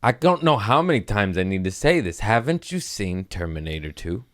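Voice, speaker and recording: Giggly, lively-voiced man rambling crudely. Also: fairly low pitch, normal speed. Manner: rambling, crude, giggly, jumps between bits and silly voices. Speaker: comedy podcast host. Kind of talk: casual comedic monologue.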